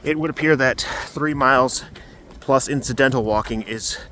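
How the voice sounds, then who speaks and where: A man's voice: mid-range voice, normal speed, bright, forceful tone, a little hiss or hum. A man giving a casual health update while walking outdoors on a cold day and holding the camera himself, talking in a loose, rambling way with fillers. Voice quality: muffled through a face covering at first. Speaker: vlogger giving a recovery update. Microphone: handheld camera.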